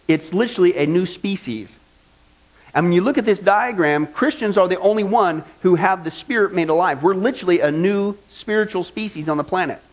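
A man's voice: sits high, a little fast. A male pastor preaching a sermon in a folksy style, driving points home with repetition.

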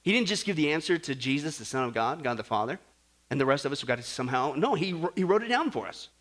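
A man preaching a sermon, animated and jokey, acting out stories and swinging between loud and soft. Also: on the high side, quick pace. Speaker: pastor.

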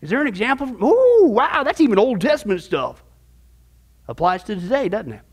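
A man's voice: high voice, very animated, moderate pace. A man teaching a Bible discipleship class as pastor, firing off rhetorical questions with folksy asides.

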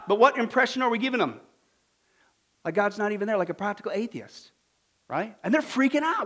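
A man preaching a sermon to a congregation, telling a joke story and then teaching with lively, punchy exclamations. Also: very high voice, brisk. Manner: animated, jokey, punchy exclamations. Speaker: pastor.

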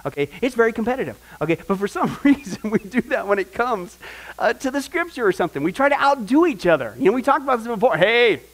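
A male Bible teacher leads a discipleship class with an animated, questioning delivery. His voice sits high for a man. He keeps throwing rhetorical questions at his listeners. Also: quick pace, poor audio.

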